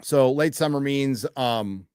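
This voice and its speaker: The man's mid-range voice is clear and resonant, a little mellow, and he takes it slowly; the audio is clean studio sound with no room sound. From the United States, he hosts a casual live stream, reading viewer donations and messages in an offhand, crude manner with many fillers.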